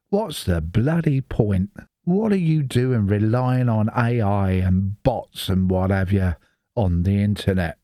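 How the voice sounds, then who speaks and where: A rambling, chatty man from the Isle of Wight. His low voice is dark and mellow, but it rises and falls a lot as he talks to himself. It sounds dry and close, with no room sound. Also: no room sound. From Isle of Wight, England. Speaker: Linux video host. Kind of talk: casual screen-recording commentary.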